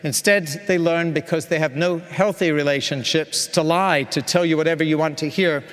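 A man's voice: fairly high pitch, fairly even intonation, fairly bright tone. Preaching man in a reverberant hall. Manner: earnest, measured preaching with emphatic repetition. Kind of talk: sermon.

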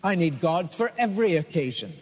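A man's voice: a little high, very animated, fairly quick, breathy edge. A man reading as a haughty bearded guru. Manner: haughty, dismissive. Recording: long hall reverb.

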